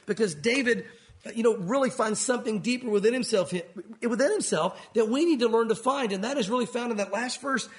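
A man with a high-pitched voice delivers a sermon from the pulpit. He preaches earnestly and steps into the voices of the people in his story now and then. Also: fairly bright tone. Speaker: pastor.

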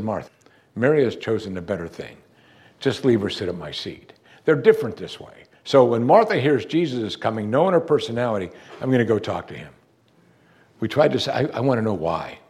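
A male preacher delivers a sermon in an expressive, storytelling way. His pitch sits in the middle but moves a great deal, rising and falling as he acts out the people in the story. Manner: expressive, acts out quoted lines with big pitch swings.

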